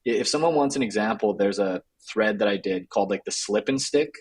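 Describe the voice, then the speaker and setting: Male guest, husky low voice, loose casual talk full of fillers. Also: a little fast, a little mellow, rough recording. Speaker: guest, writer and co-founder. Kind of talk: interview conversation.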